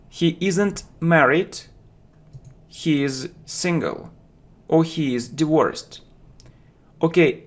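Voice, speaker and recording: A man teaches vocabulary at a very slow, careful pace, repeating words and phrases for his learners. His voice sits a little high for a man. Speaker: English teacher.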